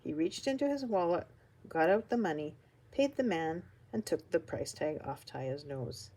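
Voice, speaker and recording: Reading a children's picture book aloud, an older woman lets her lowish, slightly breathy voice rise and fall with lively expression. She keeps a warm, animated pace, slowing and softening whenever the story turns tense.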